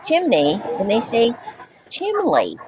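A Canadian woman co-hosting a podcast in lively casual chat, sometimes imitating how people pronounce words. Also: on the low side, moderate pace, noisy background. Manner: lively, conversational, mimics pronunciations. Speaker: podcast co-host.

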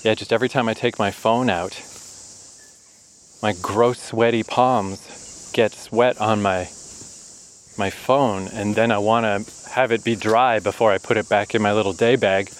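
A man's voice: on the low side, steady tone, unhurried, a little hiss or hum, rough recording. A man narrating a vlog while hiking a hot forest trail, sweaty and short of breath, chatty and self-mocking with bursts of swearing. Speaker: vlogger.

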